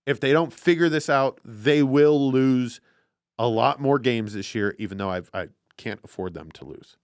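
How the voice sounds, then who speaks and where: In a casual sports chat, a man hosting a football podcast talks excitably, profanely and animatedly in a mid-range voice at a moderate pace. The recording is dry and studio quality.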